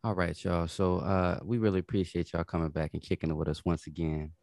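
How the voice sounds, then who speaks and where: A man with a fairly low voice co-hosting a podcast. He rambles like a preacher, full of profanity and life advice. The sound is dry and close. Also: level tone, a little fast, vocal fry, a little mellow, no echo. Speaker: podcast co-host and stand-up comic. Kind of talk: casual chat.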